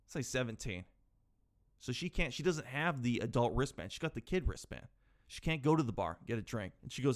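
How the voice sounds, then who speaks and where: A man in his twenties telling comic stories about his life, animated, jumping from loud yells to low mumbled asides. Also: fast. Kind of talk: comedic storytelling.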